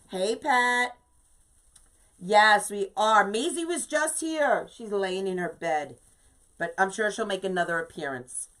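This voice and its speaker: A woman's voice: mid-range voice, a bit bright. A woman hosting a casual live-streamed wreath-making tutorial, chatting to viewers, greeting them by name and checking in with "okay?" from a home craft space. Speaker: craft livestream host.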